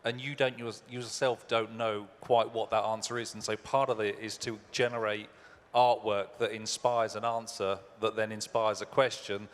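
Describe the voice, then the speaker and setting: A man, a concept artist, giving a reflective, measured answer on a panel. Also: lowish voice, little pitch movement. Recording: echoey convention hall.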